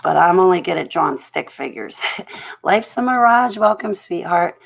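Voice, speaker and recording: A woman's voice: on the low side, expressive, normal speed, vocal fry, low-quality recording. A woman hosting a casual livestream from home, greeting her chat viewers one by one with affection. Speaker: livestream host. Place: at home at night.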